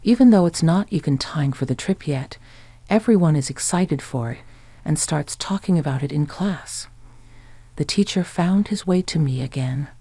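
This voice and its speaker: A man narrating a first-person story in an even storytelling voice, quoting others in the same voice. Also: fairly high pitch, moderate pace, breathy edge, no room sound.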